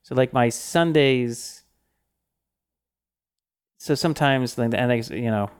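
A man's voice: medium pitch, slow pace, smooth. A man co-hosting a podcast in casual chat. He rambles, with lots of fillers and restarts. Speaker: podcast co-host.

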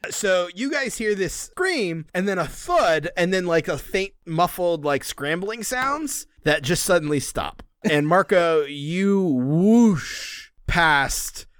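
A man's voice: high voice, a little slow, few pauses, clear, resonant tone, dry recording, studio quality. A man narrating as game master, describing scenes and rules with frequent laughter. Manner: animated, descriptive, laughing often.

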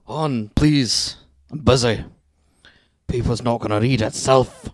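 A man's voice: medium pitch, takes it slowly, dry recording, clean studio sound, close to an everyday voice. A man doing a weary bony old dad. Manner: tired, placating. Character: tall, bony, weary older father.

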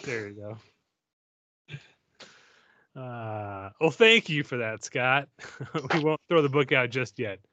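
A man hosting a casual nerdy podcast, rambling and joking between fillers and laughs. His voice is bright and forward, and the sound is close and dry. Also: medium pitch, lively intonation, slow pace, long pauses, dry recording, lo-fi sound. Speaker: podcast host.

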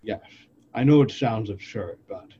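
A male tabletop player with a lowish, mellow voice answers calmly and plainly. The recording is dull and lo-fi, with a faint hiss behind him. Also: moderate pace. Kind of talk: tabletop role-play. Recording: dull lo-fi mic with faint noise.

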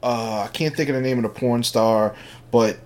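A man's voice: medium pitch, darkish tone. A man co-hosting a podcast, chatting casually and stopping often to restart his thoughts. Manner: halting, lots of filler words. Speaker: podcast co-host. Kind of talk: casual chat.

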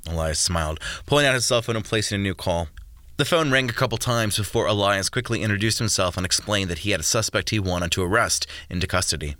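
A man narrating a storybook in a steady, even reading. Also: on the low side, fast talker, no room sound. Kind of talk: audiobook narration.

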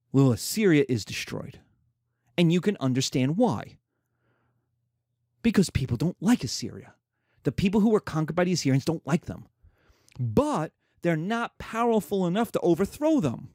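A man giving an animated history lecture, acting out voices and cracking jokes. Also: on the high side, dry recording, clean studio sound. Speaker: history teacher.

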